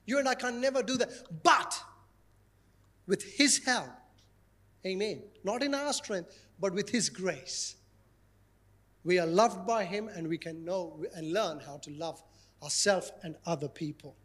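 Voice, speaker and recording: Male pastor with a very high voice, playful, lively sermon delivery. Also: unhurried, long pauses. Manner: animated, playful, repeats key phrases.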